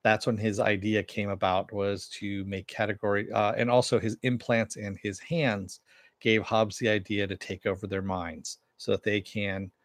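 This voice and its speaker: Male reviewer, low register, dry mic, casual chatty recap with lots of "uh"s. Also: little pitch movement, normal speed, dry recording. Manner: rambling, many "uh"s and "in the meantime"s. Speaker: TV episode reviewer.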